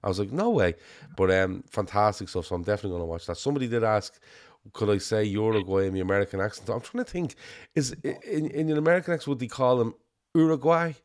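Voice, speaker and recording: A man's voice: lowish voice, very fast, a little mellow, dry recording, clean studio sound. A man with a Liverpool accent hosting a casual football podcast, chatty and rambling, swearing casually. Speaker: show host.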